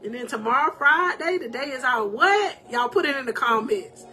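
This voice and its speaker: With faint music behind her, a high-voiced woman life coach speaks at normal speed on a live stream. She delivers animated, emotional encouragement, laughing often and calling out to viewers the way a preacher would.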